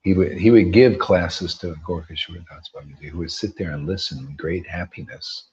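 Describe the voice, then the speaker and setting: Low-pitched and slightly rough with a darkish tone, this man talks at normal speed. As a spiritual teacher giving a group an informal devotional talk, he is emphatic and preachy, restarting often and rising into bursts; the recording is dull and lo-fi.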